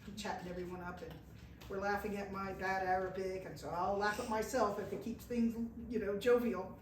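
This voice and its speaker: Animated woman telling a story in an echoey room. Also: medium pitch, fairly quick. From United States. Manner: animated storyteller, acts out quoted voices, laughs at herself. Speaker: pilgrim telling travel stories to an audience. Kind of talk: live storytelling talk. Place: indoor event room with an audience. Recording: echoey room from far off, faint noise.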